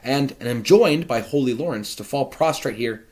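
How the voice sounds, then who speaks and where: A man reading the lines of a young noblewoman feigning obedience, in a measured, deliberate verse reading. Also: medium pitch, a little mellow, natural voice. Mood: earnest.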